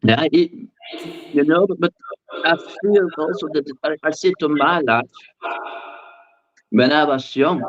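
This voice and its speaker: A man sharing his personal story with a spiritual teacher, halting and often restarting as he searches for words. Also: fairly high pitch, highs cut off. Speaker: participant asking the teacher.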